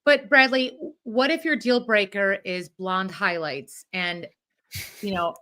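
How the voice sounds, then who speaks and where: A woman co-hosting a sports podcast, chatting casually with quick, animated asides. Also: medium pitch. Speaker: podcast co-host. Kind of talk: casual chat.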